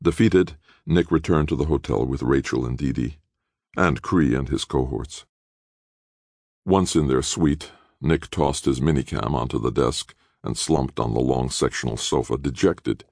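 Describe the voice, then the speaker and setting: A man narrating an audiobook in an expressive storytelling manner, close to the mic. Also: very deep voice, a little slow, creaky, no echo.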